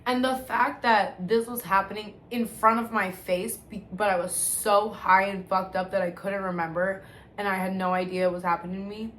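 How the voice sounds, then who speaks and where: A woman's voice: mid-range voice, steady tone, normal speed, fairly bright tone, slight background noise. A woman telling her own story straight to camera, blunt and slangy, swearing freely and rambling with restarts and lots of "like". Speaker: vlogger sharing her sobriety testimony. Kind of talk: candid personal storytelling.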